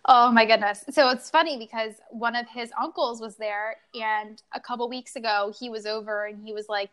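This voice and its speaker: A young woman with a fairly high voice chats casually as a podcast co-host. She tells stories in an animated way and plays out the back-and-forth as she goes. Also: fairly quick, hardly any pauses. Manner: animated storytelling, acts out dialogue. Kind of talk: casual chat.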